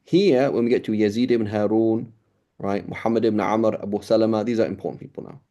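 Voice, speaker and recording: A man's voice: on the low side, steady tone, brisk, warm tone, lo-fi sound. A middle-aged man giving an informal lecture as an Islamic studies teacher, talking casually with many fillers and restarts.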